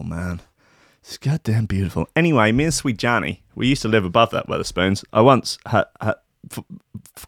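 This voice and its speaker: A man's voice: fairly low pitch, a bit bright, no room sound, clean studio sound. Rambling, sweary radio host man. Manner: rambling and sweary, with trailing asides. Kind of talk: rambling comic radio chat.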